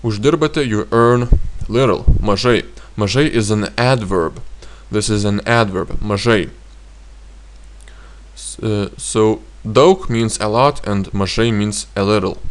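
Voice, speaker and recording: A man with a Lithuanian accent teaching grammar in a slow, halting way with frequent fillers. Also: on the low side. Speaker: language teacher.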